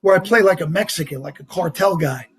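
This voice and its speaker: A man with a heavy New York accent, talking as a guest in a casual interview, animated and rambling with lots of "you know" and "like". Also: high-pitched, a little fast, crowd noise. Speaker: actor guest.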